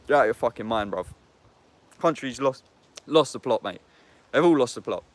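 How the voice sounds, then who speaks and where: A man's voice: mid-range voice, expressive, moderate pace, dry recording. A young man with an English accent, delivering an angry, profane monologue to camera. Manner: angry, profane, heavy use of slang address.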